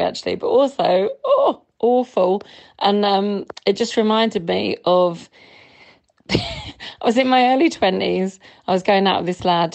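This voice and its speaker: A woman's voice: fairly low pitch, darkish tone. A woman in her thirties calling into a podcast, telling a story chattily and laughing as she goes. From England. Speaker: caller. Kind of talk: voicemail anecdote.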